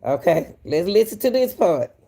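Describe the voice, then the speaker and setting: A woman's voice: on the low side, sing-song, normal speed, gravelly, dark tone. A woman hosting casual commentary on a case. She asks rhetorical questions and thinks aloud. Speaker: commentator host.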